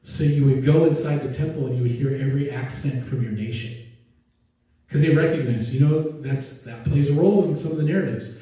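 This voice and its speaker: A man's voice: a little high, a little fast, warm tone. A male pastor preaching a casual, digressive sermon with joking asides and restarts, heard in a church sanctuary. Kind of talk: conversational sermon. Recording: very echoey room, distant mic.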